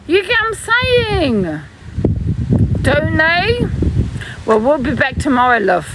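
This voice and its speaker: A woman with a high voice that swings widely and words that come out slow and drawn. She sounds heated, mocking and quick to swear. She is recorded on a phone on a city street, with loud street noise behind her. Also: very animated. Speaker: live streamer. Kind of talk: confrontational street live stream.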